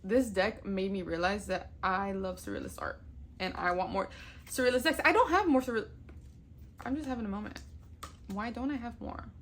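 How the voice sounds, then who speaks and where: A chatty young woman talks casually into her camera, gushing with delight and swearing freely. Her voice sits at an ordinary middle pitch. A faint hum of room noise runs underneath. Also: normal speed, a bit bright. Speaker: tarot vlogger. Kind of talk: casual chat.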